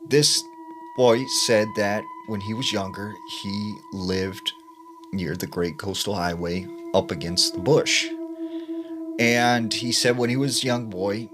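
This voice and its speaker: Guy with a lowish voice telling creepy tales, loose and chatty, music playing behind. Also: a little slow. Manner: chatty, many fillers like "like" and "you know". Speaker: storyteller. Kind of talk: casual spooky story narration. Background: background music.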